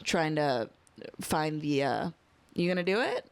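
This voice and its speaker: Deep-voiced woman, quick casual chat. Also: animated. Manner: quick, conversational anecdotes. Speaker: podcast co-host.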